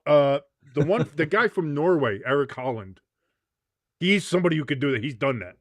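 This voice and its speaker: A man's voice: on the high side, animated, moderate pace, dry recording. A man in his forties hosting a live sports watch-along, crude and rambling, laughing at his own jokes. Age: 40s.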